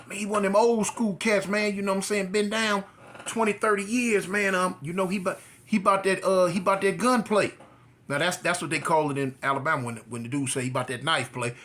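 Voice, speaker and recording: A man from California, a former prisoner, telling his story in a casual way and acting out the dialogue. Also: normal speed. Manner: animated, acts out dialogue with rising pitch.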